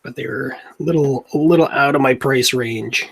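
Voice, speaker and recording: A man's voice: medium pitch, moderate pace, creaky, slightly rough. A young man, a comic artist, chatting in a rambling, laid-back way while he draws at home. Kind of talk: casual chat while drawing.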